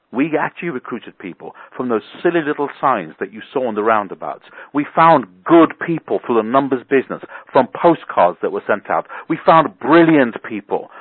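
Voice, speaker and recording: A man coaching listeners with a blunt, colorful motivational talk. His pitch swings lively up and down, his voice a touch husky. It comes through dry and tinny, as if down a telephone line. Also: no echo. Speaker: business coach. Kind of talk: motivational talk on a phone call.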